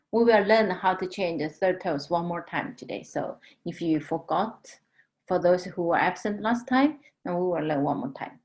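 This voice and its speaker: A woman teaching a language lesson, patiently explaining tones and drawing out model words slowly. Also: fairly low pitch, a little mellow. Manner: slow, patient, drawn-out model pronunciations.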